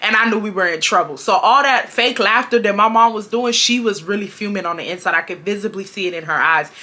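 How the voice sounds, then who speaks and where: A woman, telling a casual storytime to her viewers in a chatty, animated way. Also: mid-range voice, fast talker. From Houston, Texas. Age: 20s.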